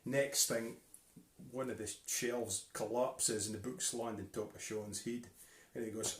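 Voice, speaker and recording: Scottish male fiddler, mid-pitched, loose rambling chat, echoey home stream. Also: steady tone, a little slow. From Scotland. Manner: easygoing, rambling with many fillers. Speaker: fiddler and livestream co-host. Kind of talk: casual chat between tunes. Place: living room at home. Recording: roomy home livestream audio.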